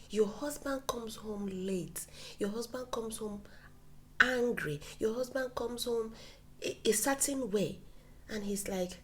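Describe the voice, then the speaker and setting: A woman giving casual relationship advice to camera. She acts out quoted dialogue and drops into soft whispers for emphasis. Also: mid-range voice, slow, a little hiss or hum.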